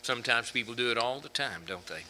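A man preaching a sermon with humorous anecdotes, swinging from loud emphasis to hushed asides. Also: mid-range voice, animated, fast talker, slight background noise.

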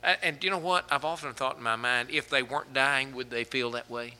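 A man preaching a sermon, asking the congregation rhetorical questions and telling humorous stories, often building to fervent, louder passages. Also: mid-range voice, fairly even intonation, brisk. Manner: humorous anecdotes with fillers.

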